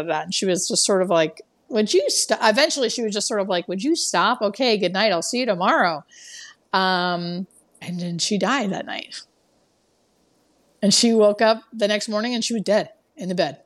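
A woman's voice: medium pitch, fairly quick. A woman hospice nurse telling a story in a chatty way, full of fillers, acting out the dialogue, heard over a remote call. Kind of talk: casual storytelling interview. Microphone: remote call audio.

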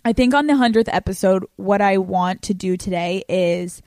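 A woman hosting her podcast in casual chat, brash and profane, quick and often laughing. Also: mid-range voice, darkish tone, no echo. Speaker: podcast host.

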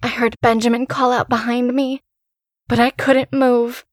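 A woman's voice: on the high side, level tone, measured pace, no echo, clean studio sound. A woman host narrating a first-person horror story in a tense, dramatic scripted reading.

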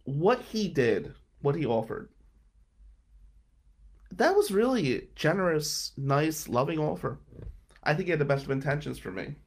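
A podcast host tells a personal story as a monologue, dramatically acting out his relatives' words in different voices. His fairly high, slightly rough voice swings widely in pitch, with a measured pace and long pauses.

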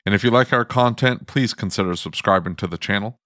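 Relaxed male podcast host, dry sound. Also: lowish voice, dry recording. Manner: chatty, laughs often, does quick voices. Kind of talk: casual podcast chat.

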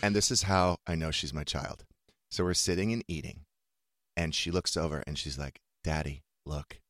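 A man's voice: low voice, normal speed, dry recording, studio quality. A middle-aged man hosting a radio talk show, telling a story in casual chat and acting out the quoted lines. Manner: animated storyteller, acts out quotes.

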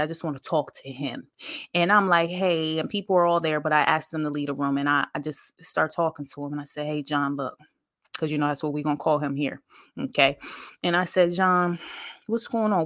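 A woman's voice: sits low, a bit bright, no echo, clean studio sound. A woman podcast host speaking, telling a story in a conversational, emphatic, faith-filled way and talking straight to her listeners. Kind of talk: casual storytelling monologue.

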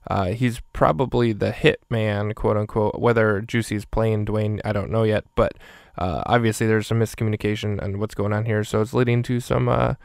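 A man's voice: on the low side, steady tone, normal speed, gravelly, hardly any pauses, no room sound, studio quality. A man casually recapping a movie minute by minute and rating each one, in a rambling way with many fillers. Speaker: movie reviewer.

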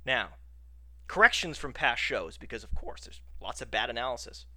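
A man's voice: mid-range voice, big pitch swings, brisk, bright, forceful tone, no room sound. A man hosting a podcast on his own, talking casually and playfully indignant. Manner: playfully indignant, mock-outraged. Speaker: podcast host. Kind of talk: casual solo podcast talk.

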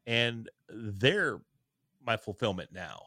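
Bright-voiced man telling earnest stories. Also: on the low side, slow, dry recording. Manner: earnest, energetic, self-deprecating. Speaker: podcast guest. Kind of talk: candid conversational storytelling. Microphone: video call.

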